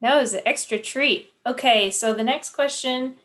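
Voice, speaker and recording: A woman's voice: high-pitched, moderate pace, fairly bright tone. Friendly woman hosting a webinar. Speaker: webinar host. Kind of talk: hosting an online Q&A.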